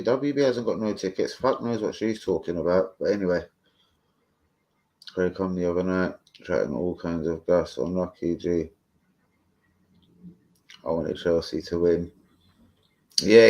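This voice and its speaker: A man's voice: lowish voice, darkish tone. A man hosting a fan live stream, chatting casually, swearing freely and answering viewers off the cuff. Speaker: fan channel host.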